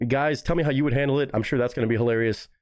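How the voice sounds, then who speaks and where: Reacting to chat on his live stream, a man talks in a rapid-fire, steady tone that's a little mellow, swearing casually and tossing in high-pitched mocking asides.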